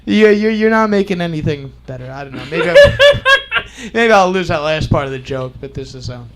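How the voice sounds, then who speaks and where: High-voiced man doing stand-up. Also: wildly swooping pitch, moderate pace, background noise. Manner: laughs through his jokes. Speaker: comedian. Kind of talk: stand-up comedy bit.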